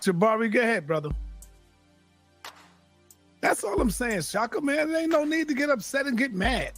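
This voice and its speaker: A man moderating a live online debate show, firmly and repeatedly telling his guests to calm down. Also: very high-pitched, moderate pace, no room sound, faint music behind. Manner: repeatedly tells others to calm down, soothing but firm.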